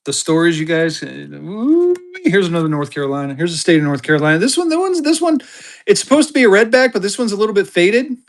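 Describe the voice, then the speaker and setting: Excited man running a live auction. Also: high-pitched, fast. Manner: excited, chatty, talks straight to viewers. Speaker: livestream seller. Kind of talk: live auction stream chat.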